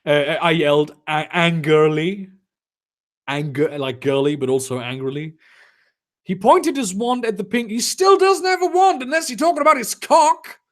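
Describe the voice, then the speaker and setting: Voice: medium pitch, lively intonation, normal speed. A comedic reader doing a dramatic reading with sarcastic, exasperated commentary, swearing often.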